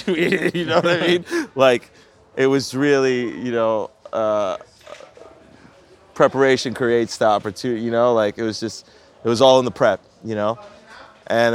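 Profane, laughing New pizzeria guy. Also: medium pitch. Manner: profane, laughing, animated storyteller. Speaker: pizzeria owner, guest. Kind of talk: casual storytelling chat.

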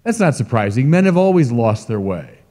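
A middle-aged man, a bishop, preaching a sermon in an emphatic, lively way with asides to the congregation. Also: medium pitch, moderate pace. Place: large church. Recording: long church reverb.

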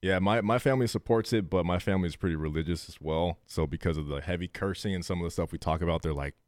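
Podcast co-host, man, quick low voice, dry close mic, rambling casual talk. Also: a little mellow, dry recording. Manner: fast, rambling, many fillers and curses. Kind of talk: casual chat.

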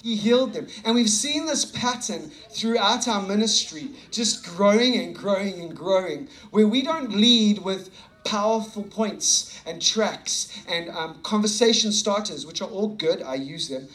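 High-voiced man telling a sermon story. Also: a little slow, poor audio. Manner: animated, acts out dialogue, laughs often. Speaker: preacher.

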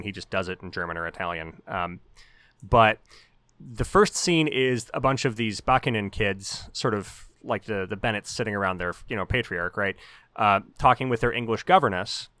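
A man's voice: fairly low pitch, animated, fairly quick, pushed and bright, no room sound. A man co-hosting a casual book discussion podcast, explaining his points in an analytical way. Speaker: podcast co-host.

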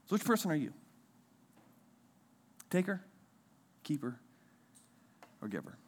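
A man in his thirties, a pastor, giving a conversational sermon and acting out quoted voices with big leaps in pitch. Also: very animated, measured pace.

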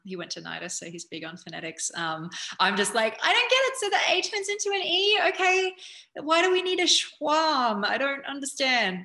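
An Australian woman, an actor, chatting casually about acting tips with lots of fillers and animated asides. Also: on the low side. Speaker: actor giving acting advice.

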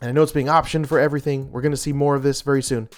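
A man's voice: medium pitch, little pitch movement, racing, soft background music. A man reviewing comic books in an enthusiastic, casual way, gushing with frequent restarts and small laughs.

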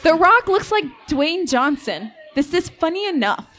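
A woman's voice: very high-pitched, big pitch swings, a little slow, fairly bright tone, a faint crowd. A woman playing a tabletop role-playing game, describing her character's actions in a playful, giggly way and laughing often. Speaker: player and game master. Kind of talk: improvised tabletop role-play.

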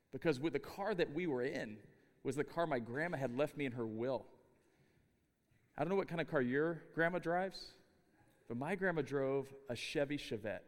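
Middle-aged man, chapel sermon, somewhat high voice, animated storytelling, long hall reverb. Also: normal speed, pauses often. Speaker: chapel speaker. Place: university chapel.

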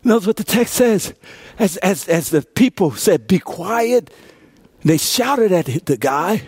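A man in his fifties preaching a sermon as pastor, building to shouted call-and-response. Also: high voice, animated, slow pace, slightly rough, dry recording, studio quality. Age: 50s.

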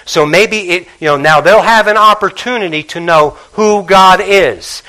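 A man preaching a sermon with passion, dropping to a hush and then rising to call out to the congregation. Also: high-pitched, moderate pace, few pauses, rough recording. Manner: passionate, swings between hushed and loud, calls out to congregation.

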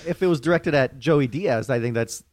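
A man co-hosting a podcast, talking in a halting way and restarting his sentences in casual chat. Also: medium pitch, darkish tone, no echo.

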